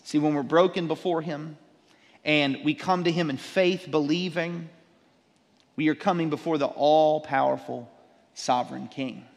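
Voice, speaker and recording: Male pastor, lively sermon delivery, slightly high voice, long hall reverb. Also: a little slow, gravelly. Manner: animated preaching, acts out disciples' sarcasm.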